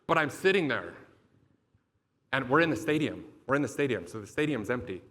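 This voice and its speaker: A young adult man delivers a motivational keynote, telling a personal story in an emphatic, profane, confessional way. His medium-pitched voice is fairly bright and fairly quick, with big swings in pitch.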